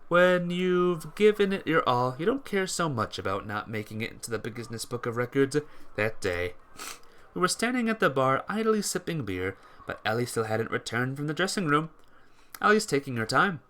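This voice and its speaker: A man reading a visual novel aloud in a let's play, with lively delivery and occasional stumbles and restarts. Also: medium pitch, normal speed.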